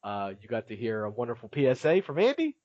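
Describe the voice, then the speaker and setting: A man's voice: medium pitch, wildly swooping pitch, fast talker, dry recording, dull audio. A man hosting a casual podcast, chatty and laughing often as he recaps, with many filler words. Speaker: podcast host.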